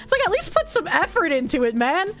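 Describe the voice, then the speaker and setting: A young woman streaming to her chat, reading messages aloud in lowered mock voices and giving candid, sarcastic commentary between bursts of laughter. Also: huge pitch swings, fast talker, fairly bright tone. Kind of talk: live-stream reaction chat.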